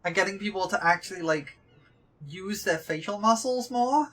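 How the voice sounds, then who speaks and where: A woman's voice: mid-range voice, normal speed, a bit bright. Chatty young woman streaming. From Yorkshire, England. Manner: chatty and rambling, with lots of likes and ums; playful, repeats jokes to the characters on screen. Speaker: game streamer. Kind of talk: casual livestream chat.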